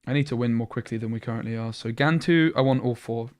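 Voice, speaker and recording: Talking fast at medium pitch, a young Brit gives live-stream commentary on the card game he's playing. He's chatty and thinking aloud, worn out after a long session.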